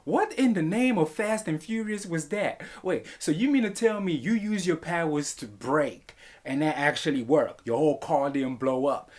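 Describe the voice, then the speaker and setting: A man reviewing a film in a comedic vlog, animated and profane, laughing often. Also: fairly high pitch, husky.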